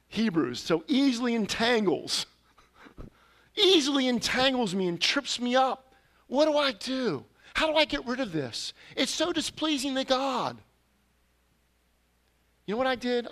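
Guy preaching a sermon, high bright voice, earnest confessing story, gets loud on key lines. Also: very animated, moderate pace. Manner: earnest, confessional storytelling with sudden emphatic rises. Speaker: pastor.

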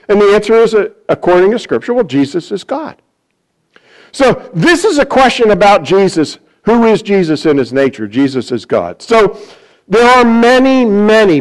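A man's voice: sits high, low-quality recording. A pastor preaching in a conversational way, often restarting his sentences and acting out the voices he quotes. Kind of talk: sermon-style Bible teaching.

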